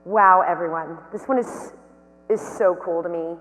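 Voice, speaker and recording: A woman giving a motivational keynote talk, telling anecdotes in a lively, storytelling way. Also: fairly low pitch, moderate pace, soft background music. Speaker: keynote speaker and company founder. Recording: long hall reverb.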